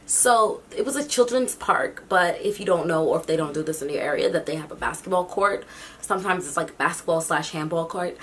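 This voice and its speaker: A young woman telling a storytime vlog, acting out the people she quotes in an animated way. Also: slight background noise. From New York City. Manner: animated, acts out quotes with big pitch jumps. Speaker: YouTube vlogger.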